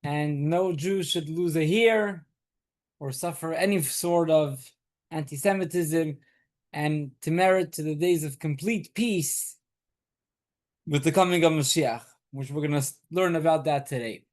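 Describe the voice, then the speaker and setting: A man's voice: on the high side, measured pace, darkish tone. A man, a rabbi, teaching a weekly Torah class to a small group. He explains patiently, repeats key points, asks rhetorical questions and turns to students to question them.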